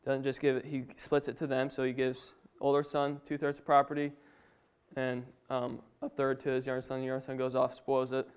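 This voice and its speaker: A man's voice: mid-range voice, completely flat delivery, a little fast, clean tone. A man preaching a sermon, reading scripture aloud and then explaining it in his own words with frequent restarts.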